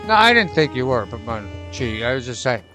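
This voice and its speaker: A man's voice: mid-range voice, sing-song, brisk, over music. A man giving casual, profanity-laced commentary while playing a video game with a friend. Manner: chatty, swears freely, reads game text aloud. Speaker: gaming channel host. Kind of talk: casual let's play commentary.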